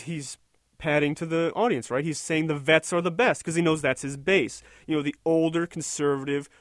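A man's voice: a little high, no echo, clean studio sound. A man delivering an indignant, sarcastic opinion rant, rambling and restarting his sentences as he goes. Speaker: political commentator.

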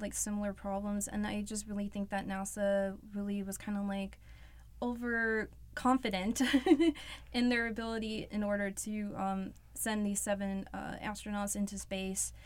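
A young woman, a student, talking casually and hesitantly, using lots of filler words like "like" and "kinda". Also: mid-range voice. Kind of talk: casual discussion.

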